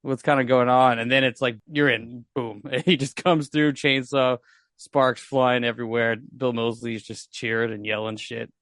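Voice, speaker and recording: A man chatting about a film on a podcast, animated, laughing often and pointing out shots and effects. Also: mid-range voice, moderate pace, no echo, studio quality. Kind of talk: casual film discussion.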